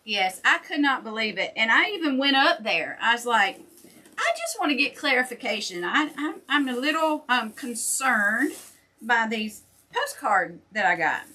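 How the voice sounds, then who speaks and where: A woman's voice: on the high side, big pitch swings, normal speed, bright, forceful tone. An older woman chatting folksily with viewers while making wreaths on a livestream. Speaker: wreath maker and shop host. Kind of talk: casual livestream chat while crafting.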